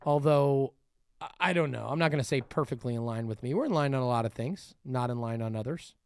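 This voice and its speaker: A man hosting a podcast in casual chat, animated and rambling with many restarts. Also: medium pitch, fast, clear, resonant tone, dry recording, studio quality. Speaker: podcast host.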